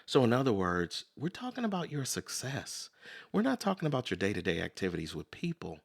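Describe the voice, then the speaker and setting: Animated man with a gravelly voice. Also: medium pitch, fairly quick. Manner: conversational, repeats "so in other words"; acts out quoted voices. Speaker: podcast host. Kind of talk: motivational self-help talk.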